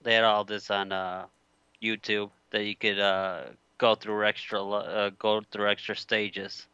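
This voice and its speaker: Flat, low-voiced man on a dull line. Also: clean tone, no room sound. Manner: halting, many fillers. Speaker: podcast co-host. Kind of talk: casual podcast chat.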